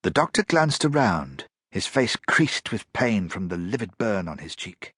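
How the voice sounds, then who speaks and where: A man narrating an audiobook in a steady, measured reading. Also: lowish voice, husky, no echo, clean studio sound. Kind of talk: scripted narration.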